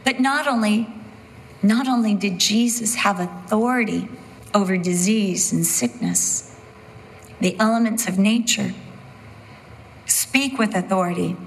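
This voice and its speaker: A woman preaching a sermon slowly and emphatically, with dramatic pauses. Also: mid-range voice, long reverb tail, poor audio.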